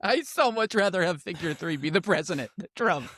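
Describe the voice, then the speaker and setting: A man's voice: sits high, lively intonation, fairly quick, a bit bright, no echo, clean studio sound. A man co-hosting a political podcast, laughing often and sounding incredulous in casual chat. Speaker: podcast co-host.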